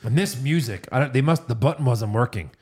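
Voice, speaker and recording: A man's voice: mid-range voice, animated, brisk, darkish tone. A man co-hosting a podcast in casual chat, dropping wry, jokey asides. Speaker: podcast co-host.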